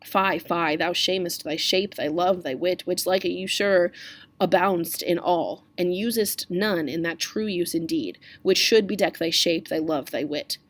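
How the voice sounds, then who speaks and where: A woman's voice: lowish voice, a little slow. Woman reading as a stern scolding friar. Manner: lecturing, reproachful. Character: stern male friar scolding a young man.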